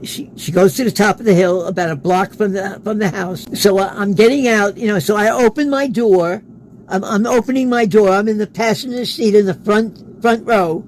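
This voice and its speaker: A man's voice: sits high, a little mellow, slight background noise, rough recording. Man acting out dialogue in a story. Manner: acts out quoted dialogue in his stories. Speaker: interview guest. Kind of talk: casual personal storytelling.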